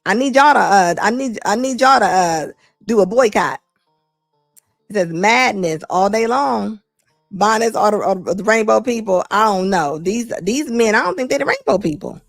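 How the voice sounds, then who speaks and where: A middle-aged woman hosting a talk show, giving blunt, animated opinion commentary and laughing often. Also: mid-range voice, normal speed, vocal fry, no room sound, studio quality, soft background music. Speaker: host.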